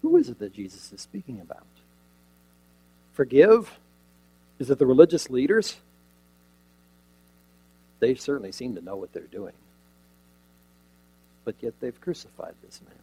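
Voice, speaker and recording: A man preaching a sermon, retelling a scene dramatically with rhetorical questions and sudden shifts from loud emphasis to near quiet. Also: medium pitch, very animated, unhurried, vocal fry, pauses often, husky, rough recording.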